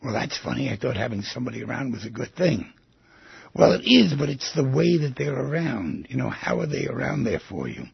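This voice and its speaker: A man's voice: medium pitch, big pitch swings, fairly quick, gravelly, husky, no echo, muffled recording. A man hosting a radio talk show, musing aloud and asking his listeners many rhetorical questions. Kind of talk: reflective monologue on psychology.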